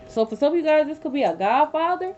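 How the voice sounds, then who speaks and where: Woman tarot reader on a livestream, higher voice, emphatic and profane, slightly muffled phone audio. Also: very animated, moderate pace, creaky, warm tone. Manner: blunt, profane, emphatic repetition. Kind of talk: live tarot reading. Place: sitting on a bed at home. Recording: dull lo-fi audio with faint hum.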